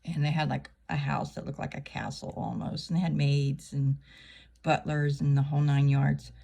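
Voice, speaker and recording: A middle-aged woman talks to her camera in a loose, joking monologue. Her voice sits a little low, and she chuckles at her own punchlines as she rambles. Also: fairly even intonation, normal speed, gravelly, mellow. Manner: chatty, wry, laughs at her own jokes. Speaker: channel host. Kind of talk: casual comedic monologue.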